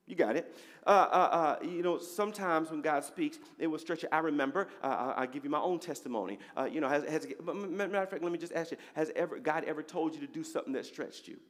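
A man's voice: on the high side, quick pace, long reverb tail. A male pastor, preaching a sermon with call-and-response, repeating phrases and often asking "you got it?". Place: church sanctuary.

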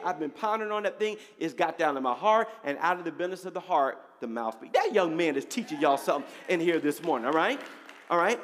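A man's voice: high voice, long reverb tail. A male pastor, preaching a sermon with call-and-response, repeating phrases and often asking "you got it?". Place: church sanctuary.

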